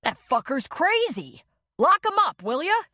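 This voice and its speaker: A woman narrator voicing an angry young male cowboy with a split lip, shouting and defensive. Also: medium pitch, big pitch swings, moderate pace, no room sound, studio quality.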